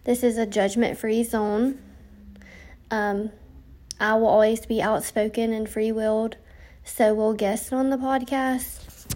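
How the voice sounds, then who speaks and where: A woman's voice: fairly high pitch, flat delivery, slow, long pauses, dark tone. Tired, chatty young woman podcaster. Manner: chatty, frequent ums, reading from notes. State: tired, yawning. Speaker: podcast host. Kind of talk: casual podcast intro monologue.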